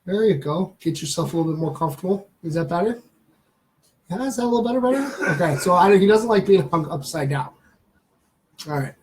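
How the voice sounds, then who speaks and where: A man's voice: high voice, expressive, brisk, a little hiss or hum, rough recording. Chatty man cooing over a baby lizard. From Canada. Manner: chatty, many fillers, coos softly at the animal. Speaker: streamer showing a pet lizard. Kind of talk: casual livestream chat.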